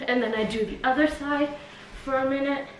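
Woman vlogger, slightly high voice, casual and breathless, roomy echo. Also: steady tone, brisk. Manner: chatty, lots of filler "like". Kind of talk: casual demonstration. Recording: echoey room, faint noise.

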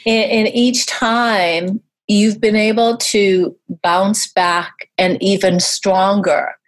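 Slow-spoken woman podcast host. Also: mid-range voice, steady tone. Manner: encouraging, unhurried questioning. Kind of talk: interview questions.

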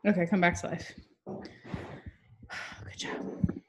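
A young woman teaching children over a video call from home, upbeat and encouraging. She talks slowly and deliberately, as if to small children. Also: faint music behind. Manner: cheerful and encouraging, sings along. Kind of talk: online class for young children.

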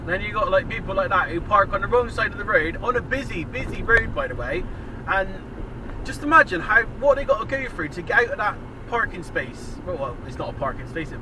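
A man's voice: high-pitched, expressive, fairly quick. A man, ranting sarcastically and swearing at other drivers from behind the wheel, recorded on a dash cam. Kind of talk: ranting commentary while driving. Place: inside a car on city roads. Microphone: dash cam mic. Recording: distant voice over loud road noise.

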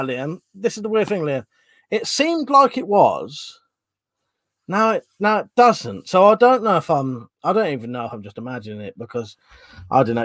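A man in casual livestream chat, rambling from one thing to the next and cursing lightly now and then. His voice sits a little high for a man. The sound is close and dry, with no room in it. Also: no room sound. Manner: rambling, chatty, swears casually. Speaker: livestream host reading chat.

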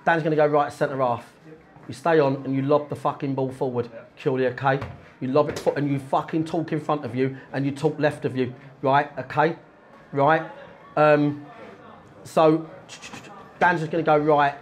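A man's voice: fairly high pitch, fairly even intonation, normal speed, pauses often. Football manager laying into his players at half time, blunt, swearing, urgent. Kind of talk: half-time team talk.

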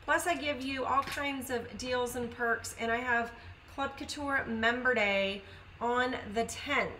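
A woman's voice: a little high, a little slow, bright, forceful tone, recorded from a distance, a little hiss or hum, rough recording. A woman hosting a casual live-stream craft sale from home, chatty and upbeat, greeting viewers by name. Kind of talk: casual live sales chat.

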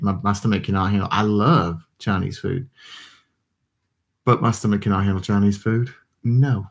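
A man, chatting casually with his livestream viewers and reading their comments, tired and yawning. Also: on the low side. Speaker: livestream host. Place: home desk with computers.

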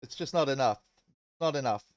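A man's voice: mid-range voice, a little fast, dry recording. A man hosting a casual game livestream, joking and greeting viewers in chat as he rambles. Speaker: livestream host.

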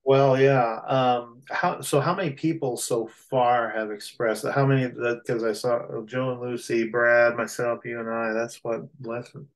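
A man's voice: medium pitch, fairly even intonation, unhurried, few pauses. A man on a video call chatting casually as a trip participant, a rambling storyteller who laughs easily. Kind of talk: casual chat.

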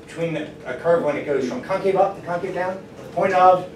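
A man teaching a math lecture, upbeat and encouraging, tossing questions to his students. His voice sits a little high. He sounds distant in an echoing classroom with faint noise behind. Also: fairly quick, darkish tone.

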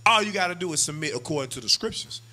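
A man preaching a street-style sermon, animated and slangy, acting out what husbands and wives say. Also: on the high side, fast talker.

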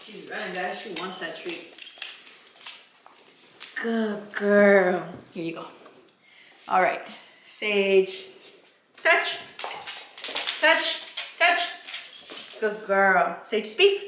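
A woman's voice: medium pitch, steady tone, slow, pauses often, a bit bright. Woman chatting at home for her vlog, talks sweet to the puppy, echoey kitchen, bit of hiss. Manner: chatty, coos and gives commands to her puppy. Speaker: vlogger. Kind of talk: casual vlog chat.

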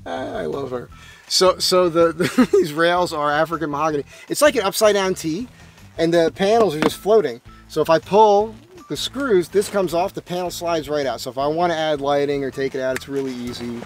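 A middle-aged man with a New Jersey accent, showing off his van in halting, deadpan, joking chat. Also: on the high side. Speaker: guest. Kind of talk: casual chat.

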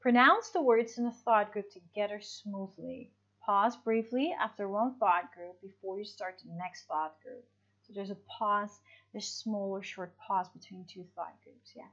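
Woman teacher, mid-pitched voice, explanatory, checks in often, dull lo-fi audio. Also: measured pace, fairly bright tone. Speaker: English teacher. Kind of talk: online class lesson.

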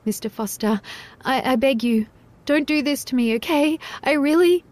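A woman's voice: high-pitched, normal speed, pitched above the performer's own voice, close to an everyday voice. A woman voicing a flustered, stubborn young woman who pleads in a breathless, tearful way. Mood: pleading. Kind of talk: audiobook dialogue.

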